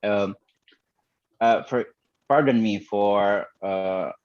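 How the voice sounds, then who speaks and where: Low-voiced guy asking a question on a call, slow and polite, muffled lo-fi sound. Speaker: audience member asking a question.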